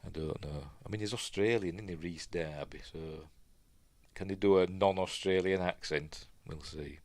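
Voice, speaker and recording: Low-pitched Yorkshire host, dry and close-miked, meandering chatty delivery full of fillers. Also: male voice, moderate pace, darkish tone, dry recording. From Yorkshire, England. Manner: rambling, chatty, lots of fillers, self-correcting. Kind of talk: casual live commentary while watching.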